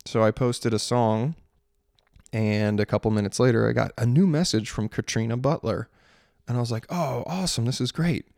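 A man's voice: on the low side, steady tone, normal speed, creaky, darkish tone, dry recording, clean studio sound. A man from Maryland, a singer-songwriter in his thirties, chatting casually and rambling, sarcastic about spam messages. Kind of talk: casual chat.

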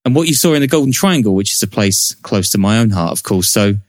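Low-voiced joking podcast host, man. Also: animated, quick pace, no room sound, clean studio sound. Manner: chatty, joking. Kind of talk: casual podcast hosting.

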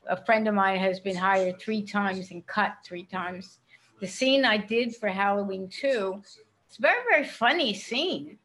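An older actress in a casual interview, a chatty storyteller who laughs often. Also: female voice, medium pitch, unhurried, fairly bright tone, low-quality recording. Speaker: actress guest.

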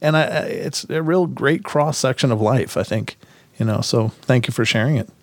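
A male podcast host speaks at a medium pitch with a dry, close sound. He thanks his guest warmly and signs off the show. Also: normal speed, no room sound. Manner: brief affirmations, warm thanks. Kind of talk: interview host.

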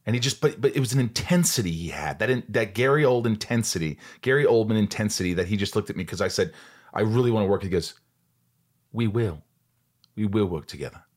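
A Kentucky man in his forties hosts a podcast, telling stories in an enthusiastic, rambling casual chat. His fairly low voice moves quickly with lively intonation, recorded at studio quality with no room sound.

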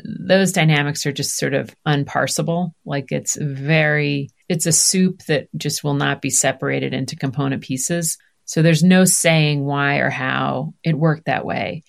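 A woman in her fifties, a podcast guest talking candidly in conversation and acting out the voices of family members. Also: fairly low pitch. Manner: animated, acts out quoted voices.

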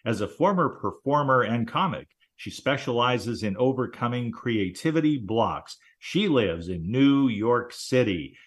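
A man's voice: medium pitch, animated, a little slow, hardly any pauses, husky. A man hosting a talk show in a casual chat, jovial and joking, laughing often. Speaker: radio show host.

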